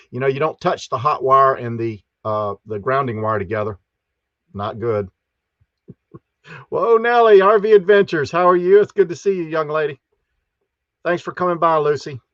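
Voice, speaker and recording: This man's live stream has him welcoming each viewer in a folksy manner, his voice a little high with a fairly bright tone. He's animated yet unhurried and pauses often, over a dry, slightly dull lo-fi home recording with no room sound.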